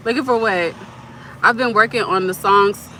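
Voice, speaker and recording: A woman's voice: medium pitch, normal speed, pushed and bright, slight background noise. A woman live-streaming from her parked car, chatting casually and answering viewers' comments. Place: parked car at a curbside pickup.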